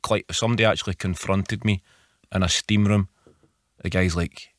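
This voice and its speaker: A man's voice: deep voice, steady tone, moderate pace, dry recording. Wry Glaswegian man, dry studio sound. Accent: Scottish, Glasgow area. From Scotland. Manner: laid-back, wry storytelling, acts out what others said. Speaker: comedian guest. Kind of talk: casual radio chat.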